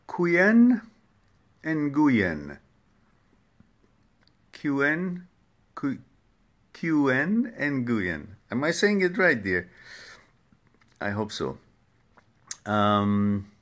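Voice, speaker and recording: Slow-talking man hosting a live stream. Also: on the high side. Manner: slow, warm greetings of viewers by name, stumbling over names. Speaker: host of a live Q&A talk. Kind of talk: casual live-stream greetings. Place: home setup for a social media live stream.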